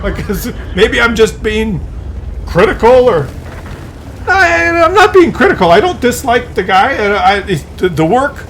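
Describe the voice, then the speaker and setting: A man vlogging, telling a comic story to camera in an exasperated, animated way with many restarts. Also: very high-pitched, a little slow, slight background noise.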